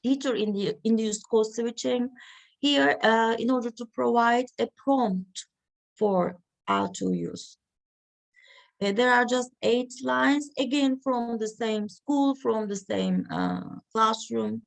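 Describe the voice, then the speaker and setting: A woman giving an academic reading session, talking slowly and haltingly with many fillers. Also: on the high side, animated, creaky. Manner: slow, halting delivery with frequent fillers. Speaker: lecturer.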